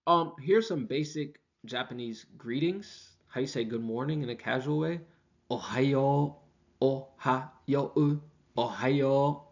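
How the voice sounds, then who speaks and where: In a dull, lo-fi recording, a medium-pitched male teacher leads a beginner language lesson. He keeps it easygoing and talkative, repeating sample phrases slowly so students can follow.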